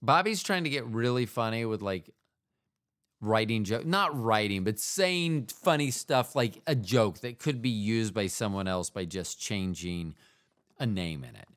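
An American podcast host with a lowish, slightly bright voice and lively intonation talks a little slowly. His casual monologue meanders and mocks himself, often trailing off into asides.

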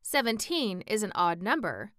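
A woman reading the part of a curious, opinionated male scarecrow in an audiobook, in a brisk, slightly raised voice. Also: mid-range voice, very animated, pushed and bright, dry recording, studio quality.

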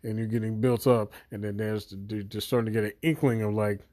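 Profane, animated man reviewing a series. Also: lowish voice, a little slow, long pauses, no room sound, clean studio sound. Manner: profane, animated storytelling with acted inner voices. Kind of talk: casual spoken review.

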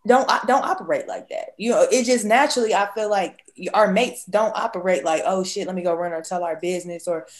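A woman's voice: mid-range voice, fairly quick, hardly any pauses. A woman co-hosting a casual podcast, giving emphatic opinions in loose slang. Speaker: podcast co-host.

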